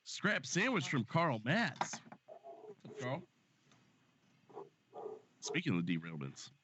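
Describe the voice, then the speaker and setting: Hosting a live stream, this man curses freely with friends, reads out donations and comments on a game, speaking slowly with wildly swooping pitch in a mid-range voice. A sore throat leaves him stuffy and strained. The dry, dull lo-fi audio carries some background noise.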